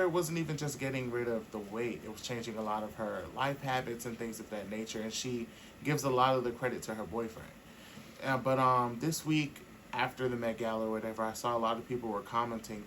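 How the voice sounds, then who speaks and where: A man co-hosting a podcast in casual, candid chat, animated and quick to laugh. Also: medium pitch, slight background noise, low-quality recording. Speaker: podcast co-host.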